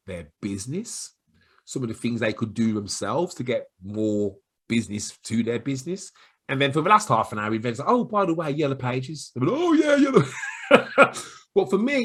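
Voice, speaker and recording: Husky Black Country man coaching sales. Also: medium pitch. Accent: Black Country English. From Black Country, England. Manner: chatty, animated, acts out quick voices of callers and himself. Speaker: sales trainer. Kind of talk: talking-head sales advice to camera.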